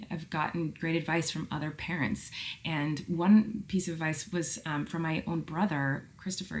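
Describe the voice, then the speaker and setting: A woman's voice: low-pitched, a little hiss or hum. A woman in her thirties chatting candidly to camera as a vlogger, emotional and rambling, with lots of filler words. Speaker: vlogger answering viewer questions. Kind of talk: casual chat to camera.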